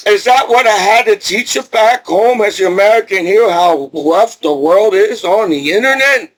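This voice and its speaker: A man's voice: high-pitched, animated, moderate pace, low-quality recording. A middle-aged male military veteran from New Jersey, ranting angrily and profanely to camera and repeating himself. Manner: agitated, profane, repetitive. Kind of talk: angry rant to camera.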